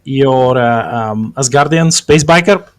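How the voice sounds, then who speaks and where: A man's voice: mid-range voice, takes it slowly. A man running a tabletop game as game master, speaking hesitantly with many fillers.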